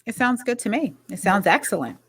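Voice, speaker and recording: A woman's voice: fairly high pitch, expressive, fairly quick, husky, no room sound, studio quality. A woman co-hosting a podcast in casual chat, talking in a rambling, candid way and correcting herself as she goes. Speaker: podcast co-host.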